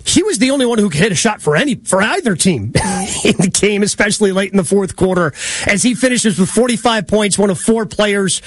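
A male sports radio host introducing the show and talking basketball in a brisk, stats-heavy way. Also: high-pitched, sing-song, no echo.

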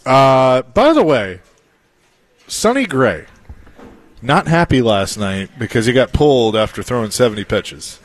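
A man co-hosting casual sports talk, relaxed and wry. He laughs easily and tells his own stories at an easy pace. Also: mid-range voice, a little slow. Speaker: sports radio co-host.

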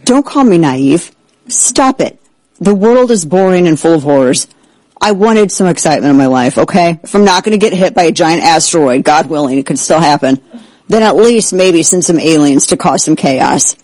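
A man hosting a talk show, excitable and sarcastic, who keeps breaking into exaggerated impressions. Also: a little high, normal speed, no echo, rough recording. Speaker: host. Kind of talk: animated political talk show banter.

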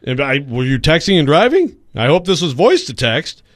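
A man with a slightly high, sing-song voice speaks at normal speed while co-hosting sports radio. His casual banter rambles and jokes, and he often cuts himself off mid-sentence.

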